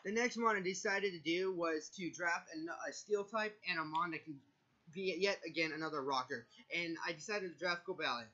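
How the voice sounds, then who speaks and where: This casual draft analysis comes from an uneasy video creator who keeps stumbling over his picks and self-correcting. His voice is fairly high and sharp-toned, at a moderate pace. The highs are cut off.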